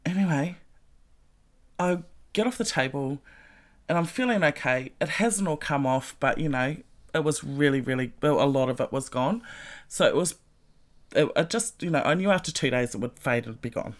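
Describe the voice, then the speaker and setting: A woman's voice: low-pitched, normal speed. A woman in her forties telling a story in a casual vlog, swearing freely and often breaking into laughter. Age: 40s. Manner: profane, laughing, animated storytelling. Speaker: vlogger.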